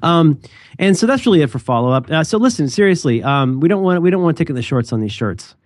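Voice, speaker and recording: A man's voice: fairly high pitch, very animated, fast talker, dry recording, clean studio sound. A man co-hosting a podcast, chatting casually in a rambling, jokey way and often interrupting himself. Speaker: podcast co-host. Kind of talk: casual chat.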